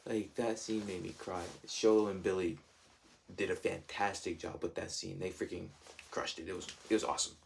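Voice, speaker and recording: A man's voice: low-pitched, little pitch movement, moderate pace, vocal fry, a little mellow, a little hiss or hum. A man giving a casual spoiler review, enthusiastic and rambling, full of fillers. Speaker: show reviewer.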